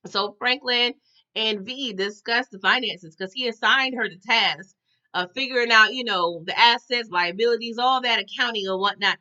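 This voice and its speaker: Woman w/ aave doing a casual show recap, chatty, kinda high bright voice, slightly muffled audio. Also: normal speed. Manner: animated, chatty, addresses viewers as y'all. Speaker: TV recap vlogger.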